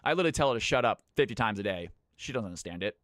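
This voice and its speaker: A man from California hosting his stream's viewer games, chatting casually with his viewers, brisk and swearing freely. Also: lowish voice, expressive, a bit bright, dry recording, studio quality. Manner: brisk, swears, talks to chat. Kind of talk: casual live-stream chat.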